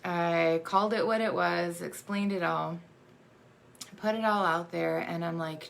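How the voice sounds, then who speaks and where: A woman in her thirties, an adoptive mother, tells her family's story in a halting, emotional way, with many fillers and restarts. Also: lowish voice, steady tone, vocal fry, a bit bright, a little hiss or hum. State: emotional, choking up. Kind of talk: personal storytelling monologue.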